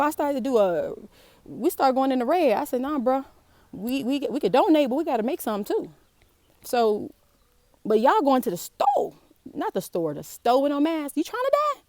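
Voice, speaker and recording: A woman's voice: medium pitch, darkish tone, dry recording. A woman from the South Side of Chicago with a Chicago accent, reading and commenting outdoors in a casual, slangy way, often exclaiming in disbelief. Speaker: personal finance vlogger. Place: outdoors in the heat.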